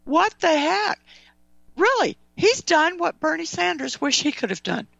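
A high-pitched woman with a gravelly edge, ranting on talk radio with heated frustration and quick apologies. Her voice comes through dry, as if close to the mic. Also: big pitch swings, a bit bright, no room sound. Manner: angry, ranting, apologetic asides. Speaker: radio show host. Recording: dull dry radio audio.

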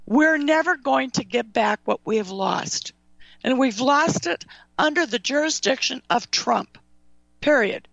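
A high-pitched woman with a gravelly edge, ranting on talk radio with heated frustration and quick apologies. Her voice comes through dry, as if close to the mic. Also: animated, a bit bright, no room sound. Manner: angry, ranting, apologetic asides. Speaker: radio show host. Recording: dull dry radio audio.

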